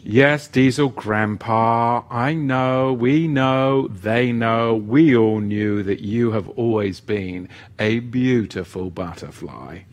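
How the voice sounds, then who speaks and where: A man's voice: medium pitch, takes it slowly. A man teaching a live-streamed lesson who reads the chat and greets viewers by name, with playful asides. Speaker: livestream teacher.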